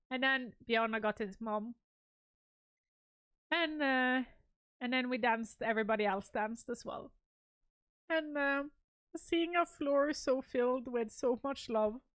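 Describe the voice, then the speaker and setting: A woman's voice: high voice, a bit bright, no echo. Gushing young woman on a live stream. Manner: gushing, rambling, laughs often. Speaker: streamer showing wedding photos. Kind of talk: casual live-stream chat.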